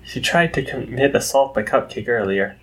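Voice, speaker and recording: A man's voice: mid-range voice, animated, normal speed, fairly bright tone, natural voice. Man playing a dry, sarcastic army colonel. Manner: dry, teasing. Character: wry, sarcastic male military colonel.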